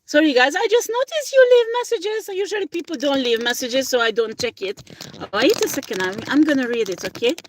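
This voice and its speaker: On a livestream, a woman who reads tarot chats casually, rambling in halting second-language phrasing and often breaking into laughter. Her voice is high-pitched with lively intonation, and there is slight background noise.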